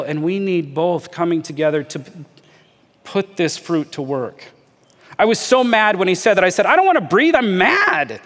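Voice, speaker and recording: A man preaching a sermon as a pastor, talking earnestly, inviting listeners to imagine with him and slowing down to stress key phrases. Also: a little high, big-room sound.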